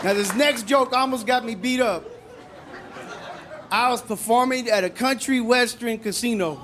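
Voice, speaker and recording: A man's voice: very high-pitched, moderate pace, a little hiss or hum. A middle-aged man doing a stand-up comedy set on stage, delivering punchlines conversationally. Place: comedy stage before a live audience. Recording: live stage mic with loud crowd laughter.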